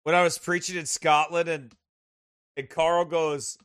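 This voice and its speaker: A man from the United States with a somewhat high voice talks in a casual, animated way before a Bible study, laughing through his stories. His voice is bright and it swings up and down. The sound is dry and close. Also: measured pace, clean tone, dry recording. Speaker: pastor hosting a Bible study.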